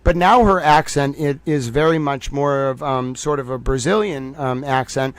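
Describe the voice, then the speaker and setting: A man with a Boston accent hosting a commentary stream, talking fast and digressively with lots of fillers and restarts. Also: mid-range voice, dry recording. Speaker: commentary livestream host. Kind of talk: casual analytical commentary.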